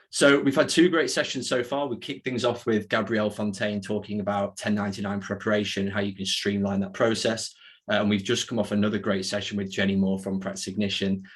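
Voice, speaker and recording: A male webinar host with a low voice that stays flat in pitch. He reads upbeat housekeeping notes and introduces the guest over a video call. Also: husky. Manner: upbeat, housekeeping announcements with frequent "uh" fillers.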